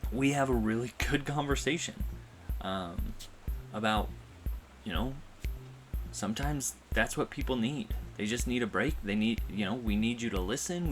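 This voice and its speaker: A man speaks openly in a vlog, rambling and heartfelt, often circling back and restarting his sentences. His voice sits at a middle pitch, with music playing behind him. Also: fairly bright tone. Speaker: vlogger. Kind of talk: personal storytelling vlog.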